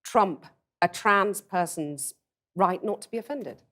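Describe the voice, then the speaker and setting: A woman questioning a guest in a debate, slow and probing. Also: mid-range voice, a bit bright.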